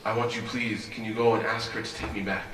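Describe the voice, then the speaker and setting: A man voicing a heartbroken young husband who pleads quietly, in an echoey hall. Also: lowish voice, level tone, brisk, far from the mic, noisy background, natural voice. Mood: pleading.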